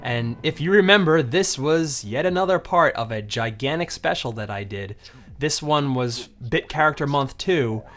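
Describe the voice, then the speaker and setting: A man's voice: mid-range voice, a bit bright. A man giving casual commentary over his own old anime videos, rambling, with many fillers and restarts.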